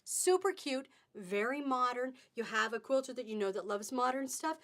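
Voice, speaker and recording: Middle-aged lady doing a live fabric sale on her webcam, chatty, bouncy, kinda high pitched. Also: normal speed, a bit bright. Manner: chatty, upbeat, sing-song exclamations. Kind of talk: live-stream selling chat.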